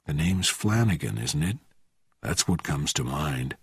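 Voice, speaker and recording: A man voicing a calm, menacing male agent who speaks low and quiet. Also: measured pace, creaky, slightly rough, dry recording, clean studio sound, full character voice. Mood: cold menace.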